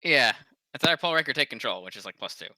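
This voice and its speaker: A man's voice: medium pitch, animated, fast talker, sharp tone, no echo. A man playing a tabletop game online, joking playfully. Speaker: player. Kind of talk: casual chat during a tabletop game.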